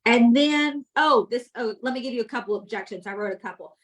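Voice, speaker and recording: On a low-quality recording, a fairly high-pitched woman briskly coaches her sales team with energy. She repeats key points and checks understanding by asking "does that make sense?"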